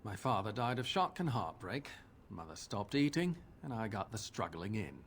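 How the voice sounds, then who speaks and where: A man's voice: lowish voice, normal speed, a little hiss or hum. An actor playing a bitter grown man who keeps a tavern in a fantasy game. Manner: bitter, lively intonation.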